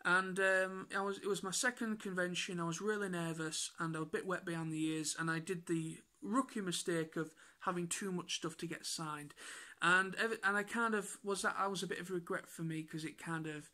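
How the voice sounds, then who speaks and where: A man with an excitable, rambling way of telling stories in a casual vlog recap. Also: high-pitched, fairly quick. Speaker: YouTuber.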